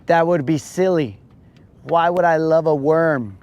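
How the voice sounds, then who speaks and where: Guy hosting a fishing livestream, talks real slow, kinda high voice, jokey and teasing. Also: a little mellow, slight background noise. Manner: joking, teasing, drawn-out delivery. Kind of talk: casual live chat.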